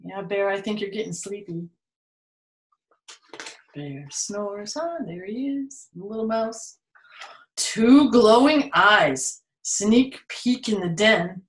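Slow, playful woman reading a picture book aloud. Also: mid-range voice, expressive. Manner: playful, adds animal sounds and asides to the listeners. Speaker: storytime reader. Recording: roomy echo.

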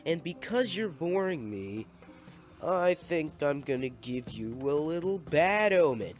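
A man's voice: fairly high pitch, very animated, measured pace, soft background music. A young man giving casual, playful gameplay commentary, exclaiming at and scolding the little villagers in his game.

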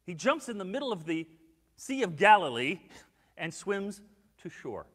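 A male pastor delivering a sermon with a fairly high voice. He moves from ringing emphasis to soft, confiding asides. The sound trails off into a long reverb, as in a church sanctuary. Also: moderate pace. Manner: expressive, swings from loud emphasis to hushed, intimate asides.

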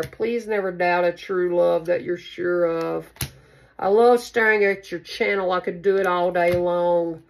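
A woman's voice: fairly low pitch, fairly even intonation, unhurried, creaky. A woman giving a casual tarot reading to camera, chatty and affectionate, calling her listeners baby. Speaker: tarot card reader.

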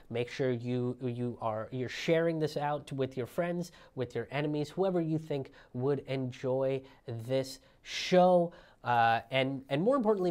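A man's voice: medium pitch, a little mellow. Sarcastic male comedian host. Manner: sarcastic, laughs at own jokes; self-promoting sign-off read. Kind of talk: comedic political commentary.

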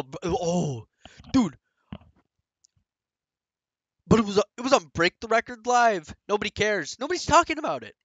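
A young man giving live commentary on his own speedrun, boastful and joking, with sudden loud outbursts. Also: fairly high pitch, dry recording, dull audio.

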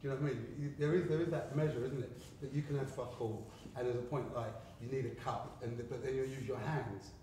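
A man's voice: medium pitch, fairly even intonation, fast, few pauses, warm tone. A man from England in casual gallery talk, rambling, swearing and laughing as he tells stories. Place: art gallery, indoors. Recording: very echoey room, mic far off, faint background noise.

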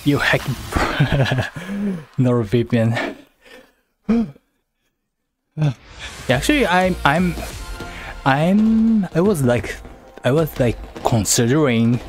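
A man chatting casually on a livestream, halting and repeating words as he teases his chat playfully. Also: medium pitch, very animated, darkish tone, soft background music. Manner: playful teasing.

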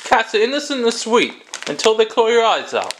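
A man hosting a comic product-review vlog, rambling with jokey asides and quick self-corrections. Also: extremely high pitch, big pitch swings, slight background noise.

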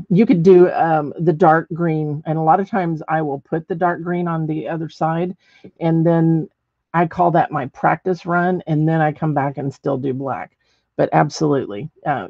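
A middle-aged woman with a low, creaky, husky voice demonstrates ceramic painting, chatting and thinking aloud as she works, with plenty of ums. The recording is dry and lo-fi.

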